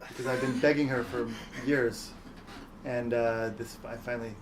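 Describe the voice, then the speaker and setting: A man in his forties trading deadpan, absurd jokes in a relaxed interview. His voice sits at an ordinary middle pitch. Steady background noise runs under the recording. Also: normal speed. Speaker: interviewee, filmmaker. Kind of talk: joking interview banter.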